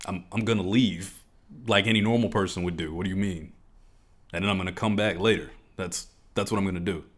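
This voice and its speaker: A man's voice: deep voice, fairly even intonation, brisk. A young man co-hosting a podcast, telling a profane story in casual chat and acting out the quotes. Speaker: podcast co-host.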